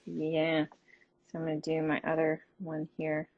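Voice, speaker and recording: A woman chats casually while baking in her home kitchen, self-deprecating and quick to laugh. Her voice sits on the low side. The livestream audio is a little dull and lo-fi. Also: monotone. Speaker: actor co-hosting a live stream. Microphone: phone or video call.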